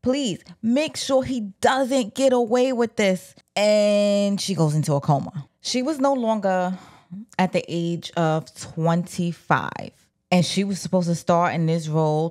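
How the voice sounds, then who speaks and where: A woman casually retelling an old scandal from a book, animated and slangy, talking straight to her viewers. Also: lowish voice. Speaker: book commentator. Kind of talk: casual storytelling.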